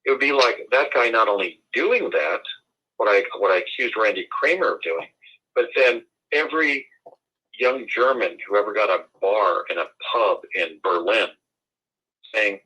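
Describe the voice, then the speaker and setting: A man's voice: lowish voice, expressive, normal speed, pushed and bright, husky, poor audio. A man from the United States, speaking as an interview guest in an emphatic, formal and indignant way. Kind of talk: conversational interview.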